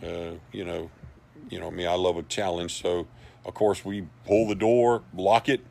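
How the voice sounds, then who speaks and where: Brief: a man with a lowish voice, hosting a casual livestream, folksy and rambling. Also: flat delivery, a little slow, vocal fry, darkish tone. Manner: rambling and folksy, with many asides. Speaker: livestream host for a paranormal society. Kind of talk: casual storytelling and reading viewer comments.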